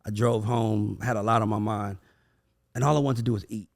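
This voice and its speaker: A podcast host chats casually, his lowish, gravelly voice edged with fry and moving fairly quickly. He tells animated stories full of swearing and emphasis, slipping into his kids' voices whenever he quotes them.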